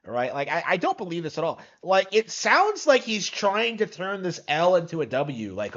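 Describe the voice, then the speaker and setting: A man's voice: on the high side, huge pitch swings, normal speed, hardly any pauses, a bit bright, highs cut off. A man reacting on a live stream, skeptical and incredulous, rambling with lots of fillers.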